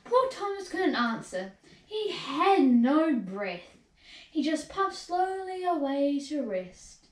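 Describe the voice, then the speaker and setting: A woman reading a children's storybook aloud in an expressive, sing-song way, recorded in an echoey room far from the mic. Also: sits high, takes it slowly.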